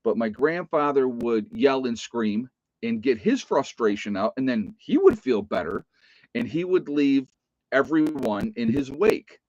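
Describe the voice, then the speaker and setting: A man's voice: mid-range voice, animated, a little slow, darkish tone, lo-fi sound. A middle-aged man telling a personal story to his viewers in a loose, rambling way, often restarting his sentences. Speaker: vlogger. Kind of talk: casual storytelling to camera.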